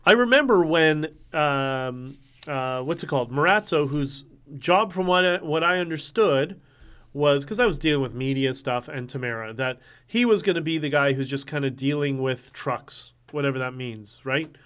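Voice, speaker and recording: A man hosting a casual livestream, talking in an animated, ranting way and swearing now and then. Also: a little high, normal speed, smooth. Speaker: livestream host.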